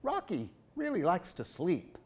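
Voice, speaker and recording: Animated man reading picture books aloud. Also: high voice, a little slow, slightly rough. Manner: animated, playful asides to young listeners. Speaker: library storytime reader.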